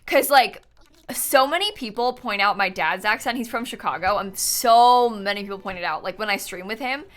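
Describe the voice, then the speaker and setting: A woman in her twenties chatting casually on a live stream while gaming, animated and laughing often as she answers her chat. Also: mid-range voice, normal speed. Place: home setup, lives in Florida.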